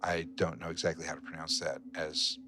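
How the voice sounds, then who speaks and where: Very deep-voiced man narrating horror. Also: level tone, background noise. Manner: slow, hushed narration that drops to a whisper. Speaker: game master. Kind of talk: narrating a horror tabletop game.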